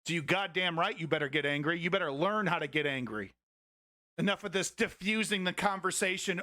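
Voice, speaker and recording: Profane ranting male streamer, bright forceful voice. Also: a little high, brisk, no room sound, studio quality. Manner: profane, heated ranting at chat. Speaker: political commentary streamer. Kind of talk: live-stream news commentary.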